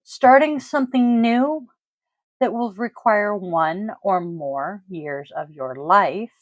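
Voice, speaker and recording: A woman hosting her own podcast, talking casually and deliberately, stressing key words with frequent ums. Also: mid-range voice, dry recording, low-quality recording. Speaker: podcast host. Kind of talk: casual solo podcast talk.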